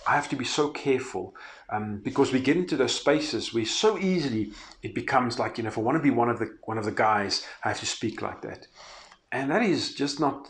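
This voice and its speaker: Earnest man, devotional talk. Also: mid-range voice. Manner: earnest, storytelling, conversational. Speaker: faith-based speaker.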